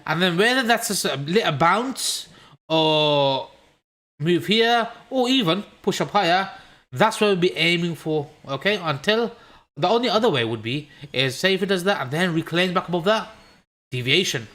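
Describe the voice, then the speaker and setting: A man's voice: high voice, lively intonation, moderate pace, a bit bright. Brummie man talking through trading charts. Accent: Birmingham. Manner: chatty, joking asides, swears at chat. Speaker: crypto trading streamer. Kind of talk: casual live-stream chart analysis. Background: washing machine noise.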